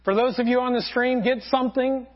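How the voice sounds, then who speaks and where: A man preaching a sermon as pastor, telling a parable earnestly with frequent pauses. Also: extremely high pitch, fairly even intonation. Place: church sanctuary. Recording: dull lo-fi sound.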